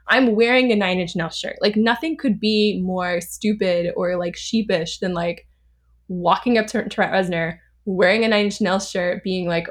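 Brief: thirties woman from Southern California, podcast guest, mid-pitched, chatty storyteller, laughs a lot, loose and animated delivery. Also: brisk. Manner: chatty, animated, laughs often, many fillers. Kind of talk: casual storytelling.

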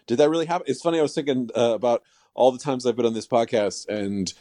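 A man's voice: mid-range voice, fast talker, mellow, no echo, studio quality. A man appearing as a sportswriter guest on a podcast, rambling and self-mocking in casual chat.

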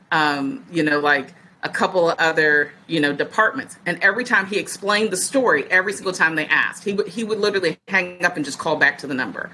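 Woman, 40s, podcast guest; low voice, bright edge, animated storyteller. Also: a little hiss or hum, rough recording. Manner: lively storyteller who acts out other people's words. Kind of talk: casual storytelling.

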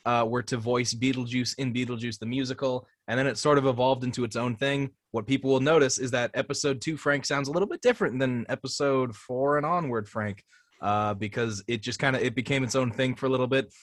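A man, a voice actor, chatting casually about his characters in a group call, relaxed and easygoing. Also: medium pitch, brisk, dry recording, studio quality.

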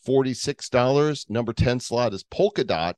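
A man co-hosting a casual crypto podcast, jokey and animated, reading out market prices. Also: mid-range voice, normal speed, no echo. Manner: jokey, animated, fake Russian accent for a bit. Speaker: podcast co-host.

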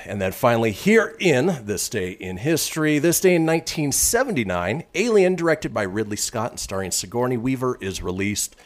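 A man hosting a casual radio show, reading history items with quick asides. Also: mid-range voice, very animated.

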